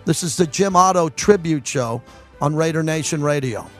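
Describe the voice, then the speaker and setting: A man's voice: on the high side, normal speed, loud music behind the voice. A man hosting a sports talk radio show in a studio, speaking in a conversational, reflective way. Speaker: radio host. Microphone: studio mic.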